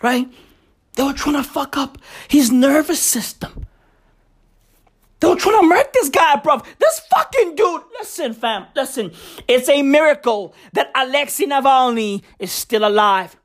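A woman hosting a comedic podcast, ranting in slangy, profane, excitable talk. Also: sits high, a little slow. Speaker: podcast host.

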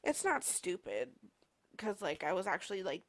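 A woman's voice: fairly low pitch, very animated, moderate pace. A young woman in her twenties hosting a podcast, telling a personal story casually with lots of "like" and filler words. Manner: rambling, heavy use of "like" and fillers. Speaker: podcast host.

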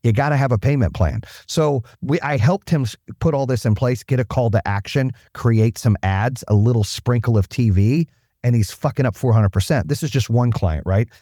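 A man's voice: mid-range voice, warm tone, no echo, clean studio sound. A man speaking as a podcast guest, telling blunt, profane stories in casual talk. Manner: blunt, profane, fast-talking. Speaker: guest, business owner. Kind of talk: casual storytelling.

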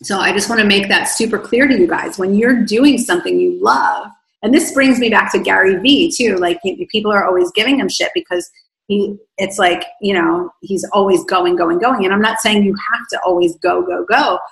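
A woman livestreams as an online coach, reading viewer comments aloud and answering in a gushing, meandering way. Her voice is medium-pitched, creaky, and fairly bright, at a moderate pace, and it is fading after a long session. The room echoes and the audio quality is poor.

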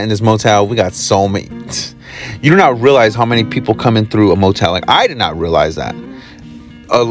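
Rambling, profane man with a low voice. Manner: rambling, profane, with many fillers. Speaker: podcast host. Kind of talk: casual storytelling monologue. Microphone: recording on the job, from a motel.

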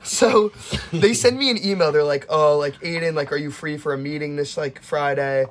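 A young man with a slightly high voice chats on a casual podcast. He tells his stories in an animated way, acts out the quotes and swears freely. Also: normal speed. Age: young adult. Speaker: podcast host. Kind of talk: casual chat.

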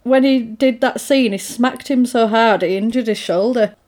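Woman, casual co-host, animated storyteller with a slightly high pitch. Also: normal speed. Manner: animated storyteller, acts out quotes. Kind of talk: casual chat retelling a film.

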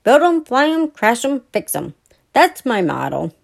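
A woman's voice: mid-range voice, very animated, unhurried, gravelly. A woman voicing a proud but kind young boy bear cub in a storybook reading, speaking earnestly and patiently. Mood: reassuring.

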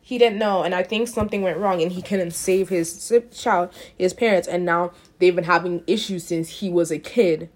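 A woman's voice: fairly low pitch, steady tone, moderate pace, few pauses. Young woman presenter, casual and emphatic, strongly opinionated, trips over and restarts phrases.

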